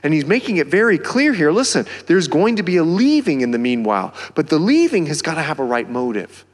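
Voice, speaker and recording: Brief: Southern male pastor, lively swooping delivery, slightly high voice, preaching in a reverberant church. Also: fairly quick. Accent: American Southern. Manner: animated, rising to near-shouts on key phrases. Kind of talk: sermon. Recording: long hall reverb.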